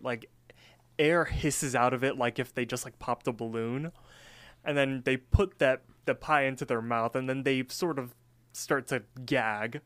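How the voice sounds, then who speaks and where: A man's voice: mid-range voice, fairly bright tone, no echo. A man co-hosting a podcast, casually recapping a cartoon episode in a rambling style full of fillers. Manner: rambling, filler-heavy storytelling. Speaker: podcast co-host.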